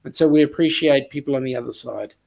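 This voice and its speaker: A man's voice: medium pitch, fast talker, vocal fry, a little mellow. A man with an Australian accent hosting a casual livestream chat, rambling with many ums and reading viewer comments aloud. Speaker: host of a cruise chat livestream.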